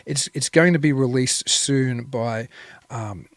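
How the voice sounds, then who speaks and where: A man's voice: medium pitch, slow pace, no room sound. A man hosting a podcast interview, upbeat and chatty, often repeating his words. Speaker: podcast host. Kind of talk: casual interview.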